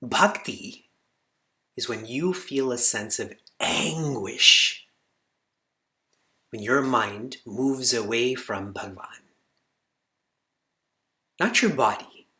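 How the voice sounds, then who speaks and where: Here a man in a mid-range voice teaches a roomful of students about spiritual matters. His delivery is lively, spiking on key words; Sanskrit verses come out slowly, and he keeps asking the room quick check-in questions.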